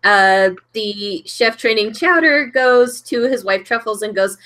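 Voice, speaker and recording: A woman chatting on a stream, excitable and laughing as she tells stories. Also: on the high side, normal speed, few pauses. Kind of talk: casual chat.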